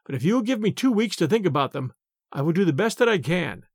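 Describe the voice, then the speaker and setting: A man voicing a worried, gentle abbot who pleads humbly. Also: sits high, big pitch swings, fast, slightly rough, dry recording, clean studio sound, full character voice. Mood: pleading. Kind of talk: storybook character voice.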